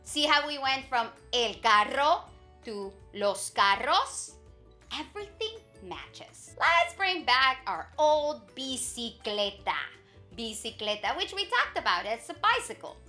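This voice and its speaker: Upbeat teacher lady, high bright voice, soft music playing under her. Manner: lively, encouraging, models pronunciation slowly. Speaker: Spanish teacher. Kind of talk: lesson for learners. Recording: faint background music.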